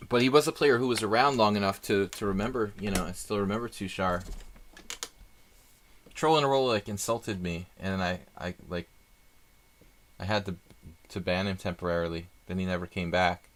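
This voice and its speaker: A man's voice: deep voice, normal speed, pauses often, fairly bright tone. A man doing live chess stream commentary, chatty and thinking aloud with rambling asides.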